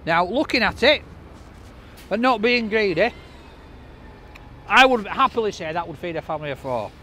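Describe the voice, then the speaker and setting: A man with a high voice talks through a takeaway box in a casual vlog. He is cheerful and chatty and laughs often. He is outdoors, with faint street noise behind him. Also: lively intonation, normal speed, sharp tone. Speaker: food reviewer.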